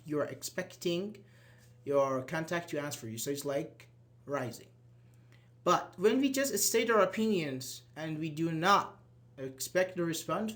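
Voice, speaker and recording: A man's voice: fairly high pitch, fairly bright tone. Man teaching English grammar online. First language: Persian. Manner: explains step by step, often checks in with students. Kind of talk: live online grammar class.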